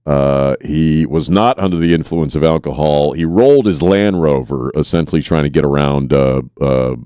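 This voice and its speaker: Very deep-voiced male radio host. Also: mellow, clean tone, no room sound, studio quality. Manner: halting, full of "uh" and restarts. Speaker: radio morning show host. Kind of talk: casual talk radio news chat. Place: radio studio.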